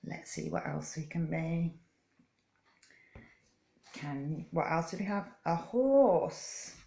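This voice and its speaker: A woman hosting a children's story time, reading slowly and coaxing little listeners to join in. Her voice has a gravelly edge, and the room around her rings with echo. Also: sits low, lively intonation. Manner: slow, gentle, coaxing, invites children to join in; teaches simple hand signs step by step. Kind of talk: reading a picture book aloud to young children. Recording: echoey room.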